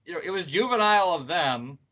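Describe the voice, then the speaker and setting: A man's voice: high voice, expressive, fairly quick, bright, forceful tone. A young man hosting a casual chat, talking in a rambling, wry way and often stopping to restart his sentences. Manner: rambling, self-interrupting, wry. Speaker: channel host.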